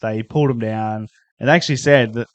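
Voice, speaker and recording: A man hosting a podcast in casual chat, laid-back and quick to laugh along. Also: fairly low pitch, no room sound, highs cut off. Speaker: podcast host.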